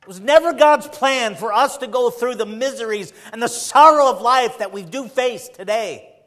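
A male preacher delivering a sermon, full of rhetorical questions and swinging between loud emphasis and quiet passages. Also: very high voice, moderate pace.

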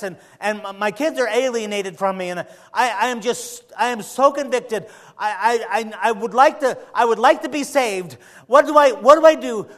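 A man's voice: sits high, a bit bright, pitched above the performer's own voice. A man putting on the voice of a desperate male radio caller who stammers as he pleads for help.

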